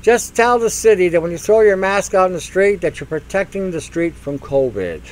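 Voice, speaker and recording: A man's voice: high voice, animated, normal speed, a little hiss or hum, poor audio. An older man hosting a radio talk show, ranting in a mocking monologue and acting out silly voices. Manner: mocking, acts out silly voices, laughs at own jokes.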